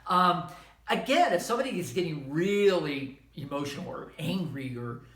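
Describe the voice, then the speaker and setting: Speaking at a moderate pace in a slightly high voice, this middle-aged Southern American man delivers a casual, conversational history lecture. He corrects himself along the way and adds lively asides, and the room sounds echoey.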